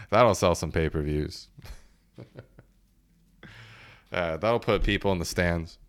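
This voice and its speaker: A man's voice: low voice, animated, slow. A man in his late twenties hosting a casual solo podcast, rambling and joking, swearing freely and laughing often. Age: late 20s. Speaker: podcast host.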